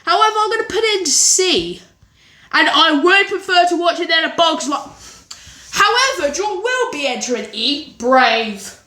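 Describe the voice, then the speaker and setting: High bright rambling young speaker from England. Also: female voice, very animated, moderate pace. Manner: rambling, scatterbrained, lots of "anyways" and restarts. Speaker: vlogger. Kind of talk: casual movie ranking chat. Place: home kitchen. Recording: echoey kitchen with faint birds.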